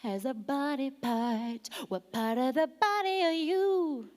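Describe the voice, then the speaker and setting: A woman preaching a sermon to her church, lively and self-deprecating, joking and calling out to the congregation. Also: high-pitched, slow. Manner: lively, self-deprecating humor, engages audience. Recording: long reverb of a large hall.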